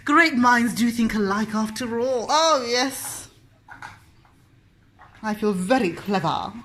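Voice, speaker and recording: Playful mum host, mock-grand commentary, bouncy lively pitch. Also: female voice, takes it slowly, slight background noise. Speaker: parent and host. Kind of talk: casual chat while crafting with a child.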